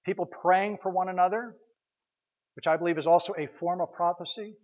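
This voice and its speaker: A man's voice: high voice, steady tone, brisk, lo-fi sound. A man preaching a conversational sermon as pastor, telling stories, repeating his words and asking rhetorical questions.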